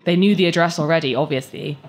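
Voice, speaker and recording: Low-voiced woman reading a story aloud. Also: fast. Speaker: story reader. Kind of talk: live reading of a short story.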